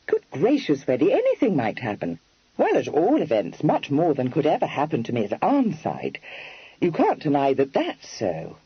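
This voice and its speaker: A spirited young lady, voiced by a man narrating the storybook, coaxing and earnest, her lilting voice climbing high and swooping widely. The tone is a touch husky, and the recording is slightly dull and very dry. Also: wildly swooping pitch, normal speed, dry recording, exaggerated voice. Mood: eager. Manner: high, lilting, prim formal phrasing.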